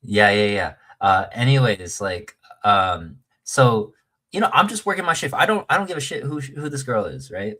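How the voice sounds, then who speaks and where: A man's voice: mid-range voice, very animated, normal speed, sharp tone. A man telling a long story in casual chat, rambling with many fillers and restarts and acting out the quoted lines.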